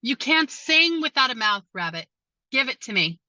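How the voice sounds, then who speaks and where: A woman voicing a ferocious male bear who speaks forcefully. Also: high voice, big pitch swings, normal speed, no echo, exaggerated voice. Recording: dull lo-fi sound.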